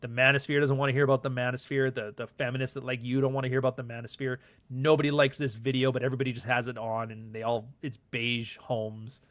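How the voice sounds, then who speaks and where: A preachy male documentary presenter, as a man mimics him, lecturing in a dismissive tone. The voice stays close to the speaker's own mid-range pitch. He talks down to the listener throughout. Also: flat delivery, fast, a bit bright, natural voice.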